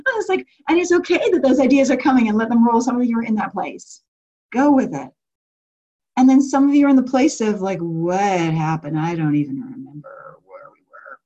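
Husky woman leading a group call. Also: high-pitched, brisk, dull audio. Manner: animated, often acting out quotes with laughs; rambling with many restarts and fillers. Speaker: retreat leader speaking to a group. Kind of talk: casual talk to a group on a call.

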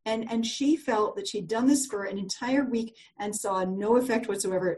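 Woman coaching a group call, mellow voice, chatty and rambling, lots of ums. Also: medium pitch, fairly quick, few pauses, rough recording. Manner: chatty, warm storytelling with frequent fillers and restarts. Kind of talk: live group call teaching.

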